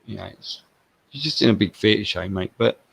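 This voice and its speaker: A man's voice: lowish voice, normal speed, vocal fry, husky, dry recording. A man in casual chat, rambling and laid-back as he gives his friend advice. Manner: rambling, laid-back, calling him mate.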